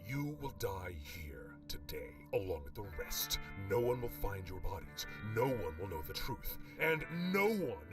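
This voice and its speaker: A man's voice: lowish voice, very animated, measured pace, hardly any pauses, over music. An actor playing a cold, ruthless male soldier who speaks in stern, clipped threats in a web series. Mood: menacing. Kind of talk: animated web series voice acting.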